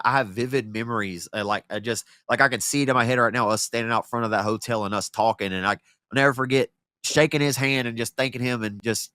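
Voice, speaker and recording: A man's voice: medium pitch, pushed and bright, no room sound. A man co-hosting a podcast in casual chat, emotional and close to tears, heartfelt and stumbling over his words. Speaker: podcast co-host and race announcer.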